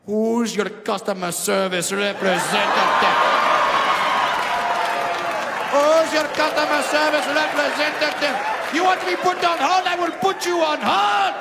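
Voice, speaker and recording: An overly polite Indian-accented suitor, played by a man, all florid compliments and formal phrasing. His voice sits high and pushes loud. A big reverberant room and a roaring crowd surround him. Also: steady tone, moderate pace, vocal fry, heavy background noise. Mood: indignant, loud. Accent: Indian (put on). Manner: flowery, overly polite, escalating to shouting.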